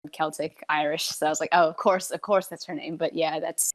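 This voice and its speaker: A woman co-hosting a podcast, telling a story in quick, chatty fashion with plenty of fillers. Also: low-pitched, fairly even intonation. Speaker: podcast co-host. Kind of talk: casual podcast chat.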